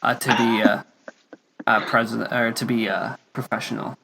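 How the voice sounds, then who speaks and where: A man's voice: medium pitch, little pitch movement, normal speed, gravelly, very noisy. A young man hosting a casual podcast chat, rambling with lots of fillers and restarts. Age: young adult. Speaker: podcast host.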